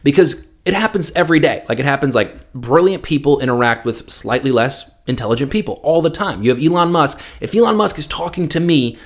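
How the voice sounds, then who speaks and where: A man's voice: a little high, animated, fairly quick, hardly any pauses. A man in a casual opinion vlog, joking and rambling with plenty of swearing. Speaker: vlogger.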